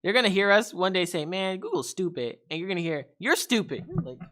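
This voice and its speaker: A young man hosting a casual tech podcast, animated and laughing, acting out voices of gadgets. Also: high-pitched, fast talker. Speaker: podcast host.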